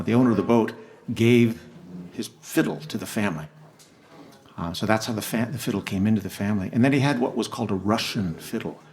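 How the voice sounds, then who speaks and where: A man telling a gentle family story between songs at a live concert, unhurried and soft-spoken. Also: on the low side. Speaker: singer telling a story on stage. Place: live music venue.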